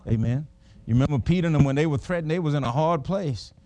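A middle-aged preacher with a high-pitched voice delivers a sermon. He slips into folksy, animated stories from his own life. The sound is dry and close. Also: fast talker, dry recording.

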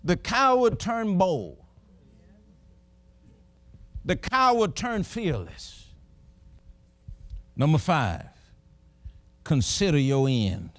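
High-voiced preacher man, dry sound. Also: drawn-out words, pauses often, no room sound. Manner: storytelling, folksy and animated. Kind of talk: sermon.

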